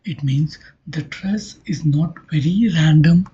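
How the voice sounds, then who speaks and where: A woman giving a recorded linguistics lecture, explaining slowly, her voice often dropping to a near-whisper. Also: low voice, dark tone, a little hiss or hum. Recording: dull lo-fi recording.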